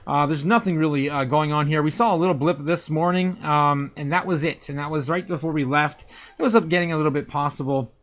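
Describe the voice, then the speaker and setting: A man's voice: fairly high pitch, a little fast, fairly bright tone. A man hosting a casual crypto livestream, greeting chat members by name, repeating himself and chuckling often as he reads the charts.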